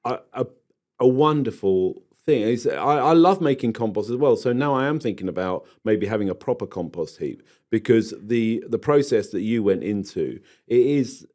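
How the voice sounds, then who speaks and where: Low-voiced English man telling stories. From England. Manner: animated storyteller, halting with many restarts. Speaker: co-host of a gardening podcast. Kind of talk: casual chat, anecdotal storytelling.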